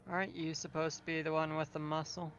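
A man's voice: on the high side, level tone, fast, fairly bright tone. Male tabletop player, easygoing chat, dull recording with faint music.

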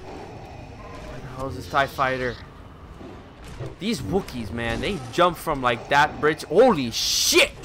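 A man giving casual, excitable commentary while playing a video game, swearing and yelling out his attack moves. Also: mid-range voice, slow pace, long pauses. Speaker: let's play commentator. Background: loud game music.

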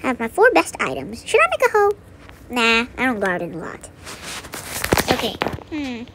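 A woman's voice: a little high, wildly swooping pitch, moderate pace, very noisy. A woman chatting playfully while commenting on her gameplay, often repeating words and dropping into whispered asides. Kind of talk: casual let's-play commentary.

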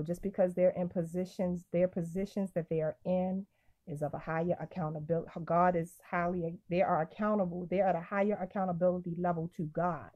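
A woman's voice: lowish voice, warm tone. Woman preaching casually over a phone stream. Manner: casual, emphatic, repeats phrases. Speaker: minister. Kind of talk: live-streamed devotional teaching.

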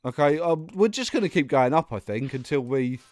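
A gaming YouTuber, a young man with a fairly high, expressive voice, narrates his own gameplay briskly in a let's play. He mutters, grows exasperated, and breaks into sudden outbursts and laughter, all captured on a dry recording.

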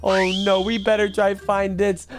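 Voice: medium pitch, little pitch movement, moderate pace, faint music behind. Dramatic gaming YouTuber in a roleplay. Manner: dramatic, exclaims often, talks straight to viewers. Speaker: gaming YouTuber playing a lost baby. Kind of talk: game roleplay commentary to viewers.

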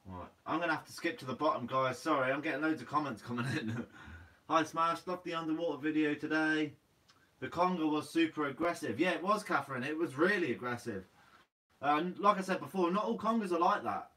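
A young man with a Guernsey accent hosts a relaxed live Q&A, sounding a bit tired and calling everyone "mate". His voice is bright and sits a little high for a man. He talks from some distance off the mic. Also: fairly quick. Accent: Guernsey English. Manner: laid-back, says "mate" a lot. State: sleepy. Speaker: fishing channel host. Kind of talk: casual live Q&A reading comments.

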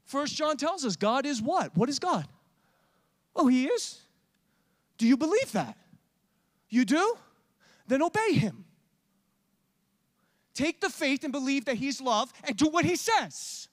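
A man preaching a sermon with passion, swinging from loud urging to hushed, intimate talk. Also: extremely high pitch, sing-song, measured pace, pauses often.

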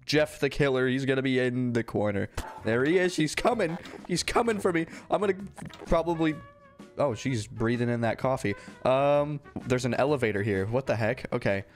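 A man's voice: medium pitch, lively intonation, normal speed, faint music behind. A young man giving casual gameplay commentary as a YouTube host, easily startled into yelps and nervous laughs. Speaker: gaming YouTuber.

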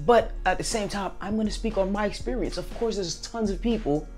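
A man vlogging casually to his viewers, animated and acting out little scenes in different voices. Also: high-pitched, fairly quick, faint music behind. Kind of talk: casual talk to camera.

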